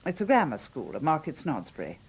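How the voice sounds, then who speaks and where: An actress playing a bossy, brusque older aunt in a radio comedy drama, commanding and tart with insults. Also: female voice, low-pitched, very animated, a little fast, slightly rough, exaggerated voice.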